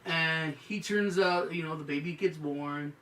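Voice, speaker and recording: A man's voice: a little high, a little slow, fairly bright tone, far from the mic. A man hosting a casual podcast, telling a story full of swearing and acting out what people said. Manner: profane storyteller, acts out quotes. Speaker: podcast host. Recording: roomy, off-mic with faint hum.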